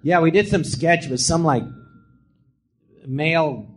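Here the comedian slows down, his voice a little high, with slight background noise on the recording. At a live podcast theatre, he drifts through casual stories, laughing often and acting out quotes.

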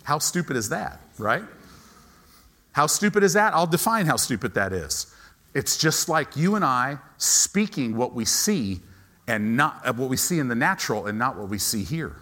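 A male pastor preaching a sermon in a church sanctuary, animated, swinging between hushed asides and loud peaks. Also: mid-range voice, normal speed. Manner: animated, dramatic shifts between hushed and shouted.

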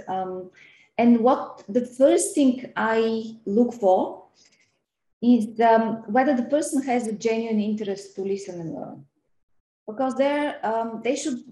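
A middle-aged woman from Eastern Europe speaks as a guest on a podcast, in a warm, mellow voice. She answers earnestly and quickly, filling gaps with ums and repeating words. Her voice carries a roomy echo. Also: medium pitch. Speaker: podcast guest, banking professional. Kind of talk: interview podcast conversation.

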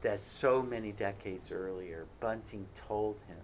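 A man's voice: fairly low pitch, a little slow, a little hiss or hum. A man speaking as a panelist in a live discussion, reflective and hesitant in his phrasing.

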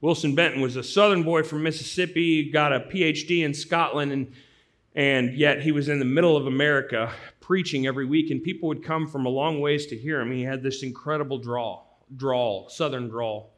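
A man's voice: on the high side, fairly quick. A man from the US Midwest, a pastor, preaching an earnest sermon and telling stories conversationally. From St. Louis, US Midwest. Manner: earnest, conversational storyteller, swinging from loud to hushed.

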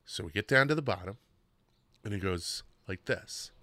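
Bright, emphatic male podcast host. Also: fairly low pitch, normal speed, dry recording. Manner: animated, emphatic repetition. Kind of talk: casual storytelling monologue.

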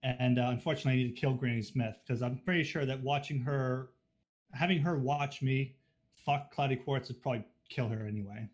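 A man's voice: mid-range voice, brisk. A man answering interview questions on a casual podcast in a frank, matter-of-fact way. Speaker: podcast guest, fan fiction writer.

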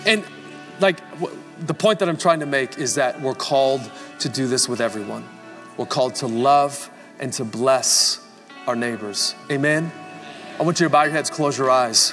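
A man's voice: medium pitch, moderate pace, a bit bright, soft background music. A pastor preaching a live sermon to his congregation, telling a story and building to fervent emphasis. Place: large church hall before a congregation. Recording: live church recording with long reverb.

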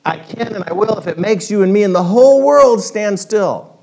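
A stubborn south-going Zax creature, as a man puts him on, snappish and defiant. It fires off its rhyming lines in a high, loud voice. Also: lively intonation, normal speed.

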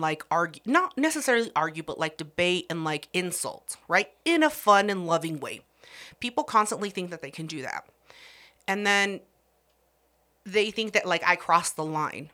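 Brash bright-voiced woman podcaster. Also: on the low side, expressive, normal speed. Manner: blunt, brash, profane and teasing. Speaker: podcast co-host. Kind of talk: casual podcast chat.

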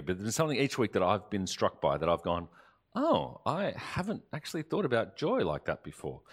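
A man preaching a sermon as pastor, earnest and emphatic, rising in force and then dropping to soft, slow phrases. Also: low voice. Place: church or studio, recorded for online service.

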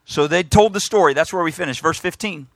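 A man preaching a sermon, retelling a scripture story in lively everyday speech and often repeating his words. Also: a little high, fairly quick, no echo.

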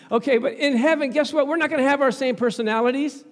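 Brief: a chuckling, expressive male preacher, high-pitched, sermon in a reverberant church. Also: fast, hardly any pauses, a little hiss or hum. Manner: laughing, animated, talks back to the congregation.

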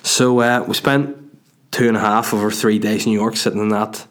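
Man, podcast host, lowish voice, rambling, swears freely, trips over his words. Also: little pitch movement, moderate pace. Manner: rambling, profane, self-mocking with stumbles. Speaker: podcast host and stand-up comedian. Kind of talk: casual solo podcast storytelling. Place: home dining room.

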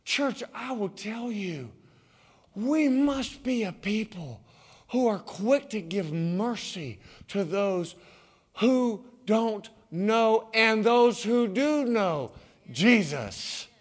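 A male preacher delivering a sermon in an unhurried, expressive voice that runs high and leaps across a wide range. He moves between quiet, hushed stretches and loud, emphatic peaks. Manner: dramatic swings from hushed to shouting. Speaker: pastor.

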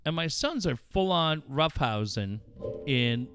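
A middle-aged man hosts a podcast, telling blunt, profane stories in a casual chat. His voice sits a bit high for a man and swings widely in pitch. The sound is smooth and dry, close on a studio mic. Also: animated, slow, fairly bright tone, no room sound, faint music behind. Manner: profane, blunt, heated storytelling. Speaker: podcast host.

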